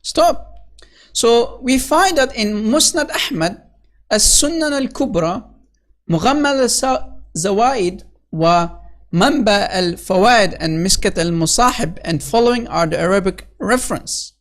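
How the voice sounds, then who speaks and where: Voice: medium pitch, animated. Scornful speaker reading and mocking old texts. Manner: scornful, sarcastic, quick to sneer; leans on "basically" and "you know". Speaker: online religious critic. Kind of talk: solo commentary reading and mocking religious texts.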